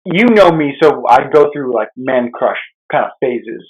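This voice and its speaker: A young man answering embarrassing questions in a casual chat, animated and profane. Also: medium pitch, a little slow, highs cut off, very noisy. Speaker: podcast co-host answering questions.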